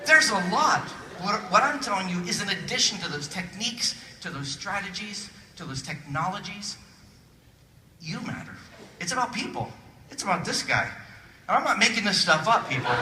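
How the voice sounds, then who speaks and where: Animated man keynoting in a big echoey hall. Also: sits high, moderate pace. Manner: animated, jokey, acts out little voices. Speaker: keynote speaker. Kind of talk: humorous motivational keynote. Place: large conference hall with audience. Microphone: phone recording from the audience. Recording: distant phone recording in echoey hall. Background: audience laughter and crowd noise.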